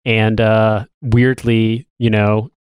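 A man's voice: lowish voice, flat delivery, slow pace, a little mellow, clean tone, no room sound, studio quality. A man in his thirties co-hosting a podcast, chatting loosely with lots of restarts and casual swearing. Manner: rambling, swears freely. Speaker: podcast co-host. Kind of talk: casual chat.

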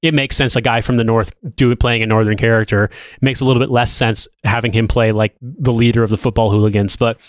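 A man's voice: mid-range voice, fairly even intonation, brisk, hardly any pauses, dry recording, studio quality. A man in his thirties co-hosting a podcast, chatting loosely with lots of restarts and casual swearing. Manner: rambling, swears freely. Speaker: podcast co-host. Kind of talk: casual chat.

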